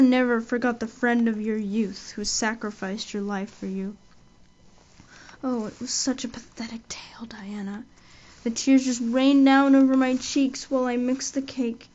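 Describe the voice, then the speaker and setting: A talkative, dreamy young girl, as a woman reader voices her pours out her tale in breathless, dramatic bursts. Her voice sits a little high, and the recording sounds dull and lo-fi. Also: a little mellow, natural voice. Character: imaginative chatty young girl Anne. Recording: dull lo-fi audio.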